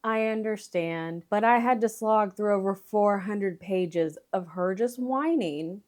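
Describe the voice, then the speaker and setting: A woman's voice: medium pitch, a little slow, a little mellow. Chatty woman in her thirties reviewing books. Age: 30s. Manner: chatty, rambling, self-correcting, mild swearing. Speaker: book vlogger. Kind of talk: casual book review.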